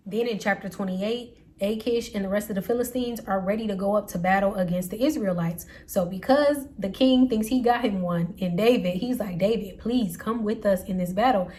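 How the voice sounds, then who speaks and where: A woman's voice: mid-range voice, moderate pace, few pauses, a little mellow. Woman casually retelling scripture. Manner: conversational, slangy paraphrase with playful quoted voices. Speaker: Bible study host.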